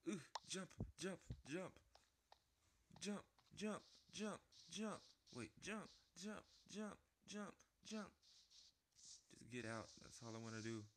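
Man, gameplay commentary, fairly high voice, excitable, panicky squeaky yelps, rambling. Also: noisy background. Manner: rambling, self-interrupting. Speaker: gaming video host. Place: at home with a small dog.

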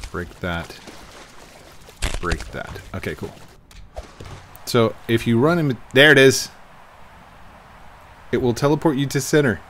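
A man rambling excitably through casual gameplay commentary into a desk microphone, putting on a playful accent, with lots of fillers and laughs. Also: on the low side, noisy background. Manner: talks in a put-on playful accent. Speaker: gamer hosting his own channel.

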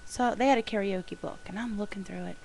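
A woman talking casually in a video diary, gushing with excitement and often pausing with ums and restarts. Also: mid-range voice, gravelly, a little hiss or hum, rough recording. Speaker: vlogger.

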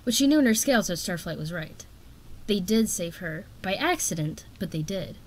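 A woman reading a fantasy novel aloud in a steady, expressive narration. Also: on the low side, normal speed, slight background noise. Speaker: audiobook reader.

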